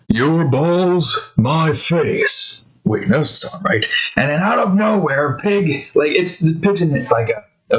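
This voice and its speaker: A man's voice: mid-range voice, a bit bright, low-quality recording. A man in a casual art vlog, rambling through a story with many fillers and restarts. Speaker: art vlogger.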